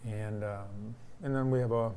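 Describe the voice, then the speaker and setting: Man, sixties, restaurant owner, low voice, plain steady talk, faint noise behind. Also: normal speed. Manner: plain, steady explaining with fillers. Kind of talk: casual chat.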